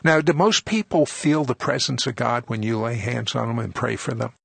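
Calm man with a gravelly voice. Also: mid-range voice, moderate pace. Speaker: radio host. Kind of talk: interview questions.

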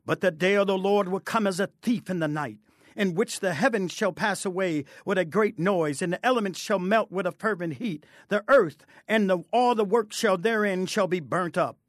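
A man's voice: sits high, moderate pace, no echo, clean studio sound. A man speaking as a guest preacher, quoting scripture with fervent conviction. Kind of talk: preaching testimony.

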